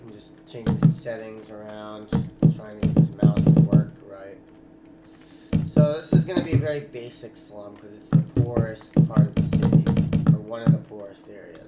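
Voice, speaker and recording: A man narrates his building in a game in a loose, casual way, cursing when he gets annoyed and quickly apologizing. His voice bounces around an echoey room. Loud music plays underneath him the whole time. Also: fairly low pitch. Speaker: Minecraft server host. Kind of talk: casual gameplay building commentary.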